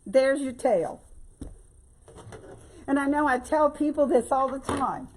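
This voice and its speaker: A woman's voice: sits high, takes it slowly. Chatty woman teaching crafts. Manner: chatty, folksy, repeatedly addresses viewers as "y'all" and "babe". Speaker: bow-making instructor. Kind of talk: casual live-stream craft tutorial.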